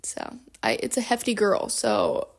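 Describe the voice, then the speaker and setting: A woman's voice: medium pitch, unhurried, gravelly. A young woman chatting casually in a book vlog at home, bubbly and rambling, with lots of fillers, speaking into a handheld microphone. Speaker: book vlogger. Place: at home, moving between rooms.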